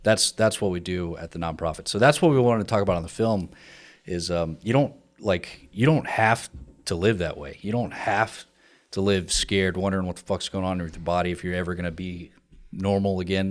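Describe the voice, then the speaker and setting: A man's voice: deep voice, a little fast. A man speaking in a candid podcast conversation, blunt and profane as he tells confessional stories about his military past. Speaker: guest, veteran and co-founder.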